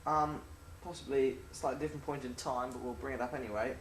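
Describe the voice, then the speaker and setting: Quiet off-mic male interviewer in an echoey room. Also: medium pitch, steady tone, fast, a little hiss or hum. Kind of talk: interview questions.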